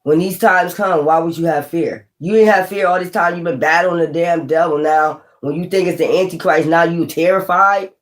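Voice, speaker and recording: A woman's voice: lowish voice, fairly even intonation, normal speed, hardly any pauses, low-quality recording. A woman hosting a live stream as a tarot reader, rambling casually and talking straight to her viewers.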